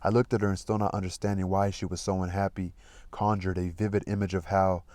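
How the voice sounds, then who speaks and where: Brief: man with a very low voice, reading literature aloud, stops to re-read and comment, close dry mic. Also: level tone, fast, darkish tone, no echo. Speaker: reader of a literary audiobook channel.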